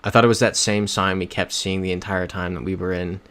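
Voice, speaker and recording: A man's voice: low-pitched, fairly even intonation, brisk, a bit bright. A young man chatting casually on a livestream while playing a geography game. He rambles through stories and reads viewer comments aloud.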